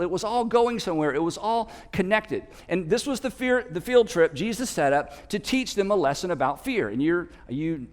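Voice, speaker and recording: Animated high-voiced pastor preaching in a hall. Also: male voice. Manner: animated storytelling, shouting out the disciples' lines. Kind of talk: sermon. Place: church auditorium.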